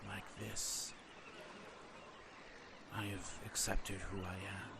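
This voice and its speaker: A man speaking in character during a tabletop role-play, solemn and formal. His voice is very deep and flat, and he speaks slowly. Loud noise runs behind him. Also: gravelly. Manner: solemn, slow, formal speech. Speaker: player.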